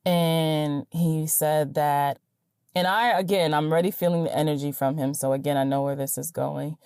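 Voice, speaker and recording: A woman hosting a podcast, telling a personal story in a chatty, animated way with lots of fillers and quick "right?" checks. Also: deep voice, clean tone, no room sound, clean studio sound. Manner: animated, chatty, many fillers and tag questions. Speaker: podcast host. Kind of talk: casual storytelling.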